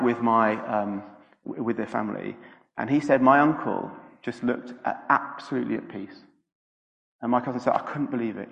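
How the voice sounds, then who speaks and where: Guy preaching in church, chatty and halting, lots of ums, gravelly voice, big echoey hall. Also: on the low side, dull audio. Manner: chatty, halting, many fillers and restarts. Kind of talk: informal sermon with a personal story.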